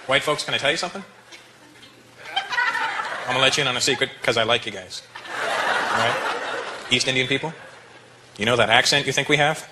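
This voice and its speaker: A man doing stand-up comedy, animated and laughing often as he talks straight to the audience. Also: mid-range voice, measured pace, long pauses. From Canada. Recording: live club with loud crowd and noise.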